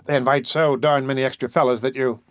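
A man's voice: medium pitch, fairly even intonation, fast talker, no room sound, clean studio sound, natural voice. A man voicing a short young man at a dance who talks in a bleating, complaining way.

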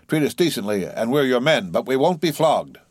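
A man's voice: mid-range voice, moderate pace, no room sound, voice pushed up, natural voice. A man voicing a defiant mutinous sailor. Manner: bold, challenging, rough sailor talk. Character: defiant rough male sailor, mutiny ringleader.

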